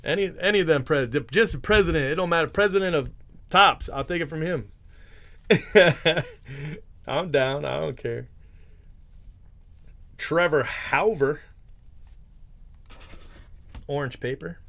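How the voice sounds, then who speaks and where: A man's voice: a little high, slow pace, creaky, pauses often, a bit bright. A man hosting a live card break, chatting casually, joking and tripping over his words as he reads out player names. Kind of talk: casual live-stream chat.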